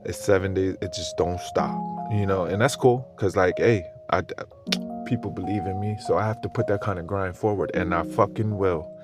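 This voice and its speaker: A man's voice: low-pitched, normal speed, loud music behind the voice. A tired man giving a profane, slang-heavy, meandering crypto monologue, with brain fog and many restarts. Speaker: crypto commentator. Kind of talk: rambling monologue.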